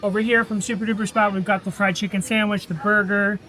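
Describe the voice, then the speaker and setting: A British man in a casual vlog, talking in a brisk, matter-of-fact way. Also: sits high, level tone, bright, forceful tone, low-quality recording. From Britain. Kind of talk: casual vlog, listing food.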